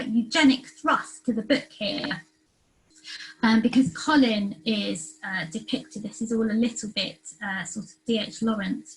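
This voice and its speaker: A woman's voice: mid-range voice, a bit bright, rough recording. A woman giving an academic lecture, hesitant and full of ums and uhs. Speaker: guest lecturer.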